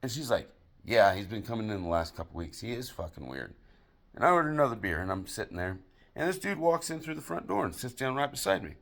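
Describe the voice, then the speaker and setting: A man doing crude stand-up comedy, telling a long joke story with acted-out dialogue in a deadpan way. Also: on the low side, quick pace, gravelly. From United States.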